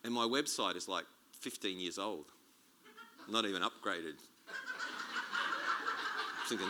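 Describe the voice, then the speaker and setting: A man preaching a sermon as a guest speaker, chatty and animated, joking and restarting his sentences. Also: low voice, slow, pauses often, very noisy. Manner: animated, conversational, jokey preaching with many restarts.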